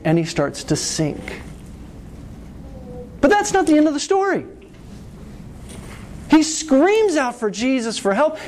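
A middle-aged man preaching a sermon, telling a story with lively rises and falls and often asking "right?". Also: high voice, slight background noise. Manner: animated storytelling, asks "right?".

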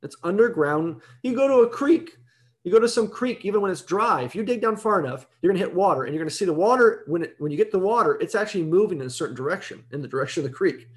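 A man's voice: high voice, expressive, fast talker. A man giving an evening Bible teaching in a conversational way, explaining step by step and often checking in with "right?".

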